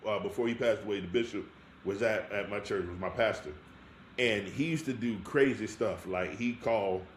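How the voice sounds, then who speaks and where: A married man co-hosting a podcast, telling lively stories in casual chat and laughing often. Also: on the low side. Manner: animated storyteller, laughs often. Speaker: podcast co-host. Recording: echoey room with faint hiss.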